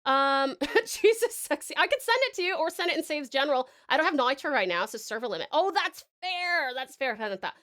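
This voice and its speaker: Australian woman, high bright voice, bubbly and giggly, excitable live-stream chat. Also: quick pace, few pauses. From Tasmania, Australia.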